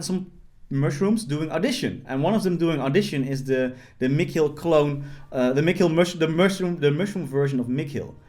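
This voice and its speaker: A young man with a fairly high voice narrates his gameplay in a loose, joking voice-over. He rambles with lots of fillers and restarts, like a gaming host chatting to his viewers from his desk. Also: a little mellow. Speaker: gaming YouTuber. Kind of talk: casual gameplay commentary.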